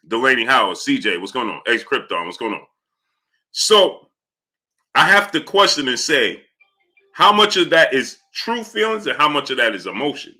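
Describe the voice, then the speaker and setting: A man's voice: mid-range voice, pushed and bright. A man hosting a casual live stream, talking through his point while he greets viewers by name from the chat.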